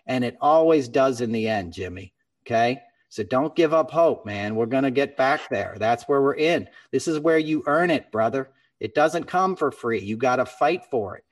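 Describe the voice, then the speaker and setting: Podcast host, male, earnest and impassioned, mic a little distant. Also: medium pitch. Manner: earnest and impassioned, calls his co-host man and brother. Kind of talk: casual podcast chat.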